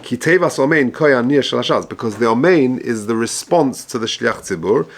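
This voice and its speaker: A man's voice: medium pitch, animated. Man reading and explaining religious text. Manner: reads Hebrew-Aramaic text then explains in English, measured and halting. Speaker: rabbi teaching halacha. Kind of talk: text study lesson, reading and translating.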